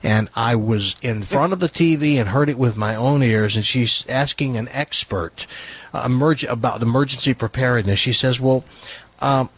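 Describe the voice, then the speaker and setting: Husky-voiced man hosting comic talk radio. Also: mid-range voice, moderate pace. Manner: mocking, theatrical reading with sarcastic asides. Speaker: radio talk show host. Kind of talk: comic talk radio, reading aloud and ranting.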